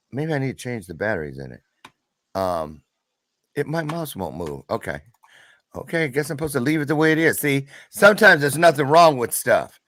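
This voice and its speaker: Playful talk-show host, close and dry. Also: male voice, mid-range voice, sharp tone, dry recording. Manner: playful, rambling, talks to himself. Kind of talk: casual interview chat.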